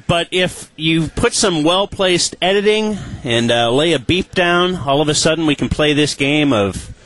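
A man's voice: fairly high pitch, animated, a little slow, a bit bright, no room sound, poor audio. A man hosting a sports radio show, telling a story with a wry, chuckling delivery. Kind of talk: casual radio banter.

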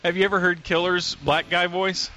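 A man's voice: high voice, little pitch movement, normal speed, pushed and bright, poor audio. A man hosting a casual comedy show, teasing and egging on his guests. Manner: teasing, eggs others on. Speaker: host.

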